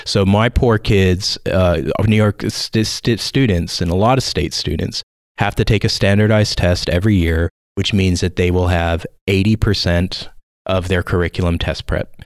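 Deep-voiced man talking schools. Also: steady tone, moderate pace, no room sound, studio quality. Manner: thoughtful, restarts often, emphatic repeats. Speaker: education guest speaker. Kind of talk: conversational podcast interview.

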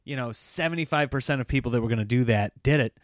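A sarcastic American man rants in a loose, animated way, laughing at his own points. His voice sits at a middling pitch. The recording is dry and close, with no room sound. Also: fast talker, dry recording. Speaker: comedian. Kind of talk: casual ranting monologue.

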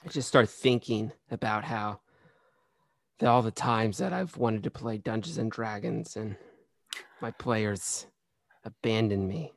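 A man's voice: mid-range voice, steady tone, measured pace, no room sound. A man playing himself in a tabletop game, theatrical and melodramatic. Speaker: player. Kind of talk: in-character role-play chat.

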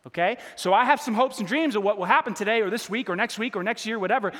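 A man delivers a sermon with a high, bright voice, swinging between loud bursts and hushed asides. He urges the congregation to repeat lines after him. His voice echoes with a long tail around a large hall. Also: fast talker. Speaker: pastor.

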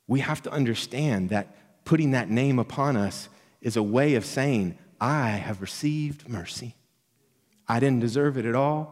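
A man preaching a sermon as pastor, earnest and emphatic, rising on quoted lines and dropping soft and low. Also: in a large hall. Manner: earnest, builds to emphatic quoted lines, drops to near whisper.

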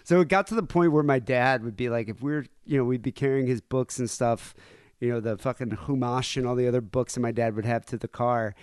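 A man co-hosting a comedy podcast, telling animated anecdotes and mimicking other people's voices in casual chat. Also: mid-range voice, fairly quick, clear, resonant tone, no echo, clean studio sound. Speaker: podcast co-host.

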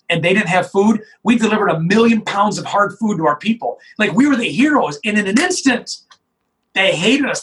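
Poor audio captures a high-pitched, middle-aged sheriff sharing his story in an interview. His delivery is animated and emphatic, full of restarts.

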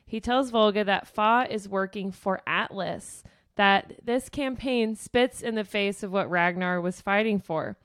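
Woman podcast co-host, casual book recap, animated, swears freely; mid pitch, dry close sound. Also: measured pace, dry recording. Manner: animated, swears freely, acts out character lines.

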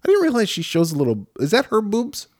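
A man on a podcast, telling movie scenes in a swearing, lively voice that swings widely in pitch. The sound is dry and close. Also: no echo. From New York. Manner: profane, animated retelling with quick voiced asides. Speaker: podcast co-host. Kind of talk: casual film-discussion chat.

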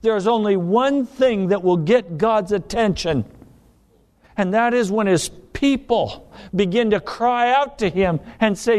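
Male preacher, emphatic sermon delivery, very animated pitch, unhurried. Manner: dramatic, emphatic, with acted-out pleas.

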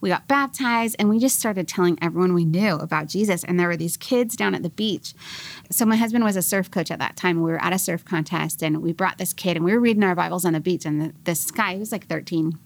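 A woman in her forties, a podcast guest, telling her life story in an animated, laughing way and acting out the voices she quotes. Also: fairly low pitch, fast talker, vocal fry. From California. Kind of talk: casual storytelling interview.

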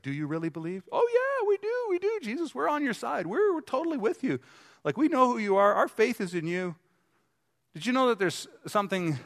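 A man's voice: a little high, a bit bright. A man preaching a sermon as pastor in a gym, talking conversationally and asking the congregation questions. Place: gym used as a church hall. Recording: long hall reverb.

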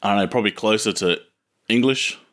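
A man's voice: on the low side, fairly quick, fairly bright tone. A man from Queensland with a broad Australian accent, hosting a casual podcast interview in an easygoing, chatty way. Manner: easygoing, chatty, uses "reckon". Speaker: podcast host.

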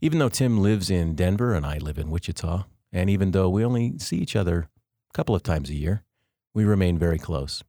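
A middle-aged man hosting a devotional podcast, telling personal faith stories in an earnest, good-humored way with slow, emphatic phrasing. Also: deep voice, animated, dark tone, no echo, clean studio sound. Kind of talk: faith-based storytelling podcast.

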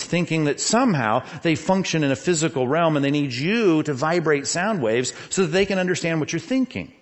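Middle-aged male pastor, lively sermon delivery, slightly higher voice, asks the crowd questions. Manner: animated preaching, rhetorical questions.

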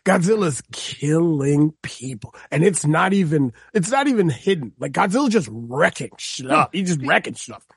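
Husky-voiced enthusiastic man, dry. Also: fairly high pitch, moderate pace, few pauses, no echo. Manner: enthusiastic and animated, says "like" a lot. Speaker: podcast co-host. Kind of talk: casual chat.

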